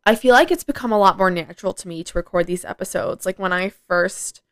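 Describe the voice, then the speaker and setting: This teen girl runs her own podcast and talks solo in a chatty, rambling way, dropping "like" constantly. She has a mid-range, slightly bright voice and a brisk pace. It's a clean studio recording without any room sound.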